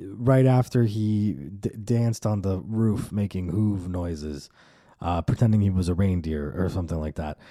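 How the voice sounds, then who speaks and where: A young man in his twenties rambles through a solo podcast with a low, very warm and relaxed voice. The recording is dry and close. He swears freely and acts out the voices he quotes. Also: no room sound. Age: 20s. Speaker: podcast host. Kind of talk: casual solo podcast monologue.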